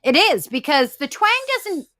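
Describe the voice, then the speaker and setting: A middle-aged woman with a Boston accent, chatting casually on a live stream through a headset and telling stories full of quick wisecracks. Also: high voice, animated, fairly bright tone, no echo. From Massachusetts. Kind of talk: casual chat.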